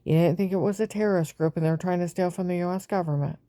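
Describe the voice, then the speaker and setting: A woman in a rambling, agitated monologue that swings between loud outbursts and low whispers. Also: steady tone, quick pace, no echo. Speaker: vlogger.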